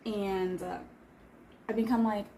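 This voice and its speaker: A woman's voice: medium pitch, fairly even intonation, takes it slowly, vocal fry, warm tone. Woman in her thirties, casual vlog chat, rambling with fillers, faint background hiss. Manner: chatty, rambling, frequent "like" fillers. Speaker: vlogger. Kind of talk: casual chat while eating. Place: home in Seoul.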